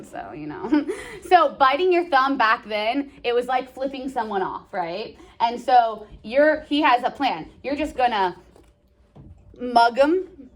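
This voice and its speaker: A woman's voice: fairly high pitch, animated, measured pace. Chatty woman teaching a class. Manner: chatty, joking, slangy asides to students. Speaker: high school English teacher. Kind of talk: classroom lesson, reading and explaining a play.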